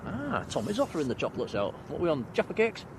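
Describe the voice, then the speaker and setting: A man's voice: a little high, wildly swooping pitch, fast talker, background noise. A man hosting a live stream outdoors, chatting and thanking viewers by name. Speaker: livestream host. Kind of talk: live stream chat, reading comments. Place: outdoors at night near an airport.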